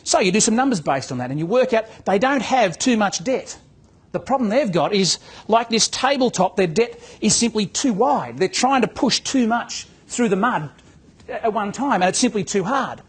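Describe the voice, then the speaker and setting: A man's voice: sits high, animated, moderate pace, slightly rough. A man giving a motivational talk to real estate agents as a business coach, telling a story and acting out its dialogue. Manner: storytelling, acts out dialogue, repeats words.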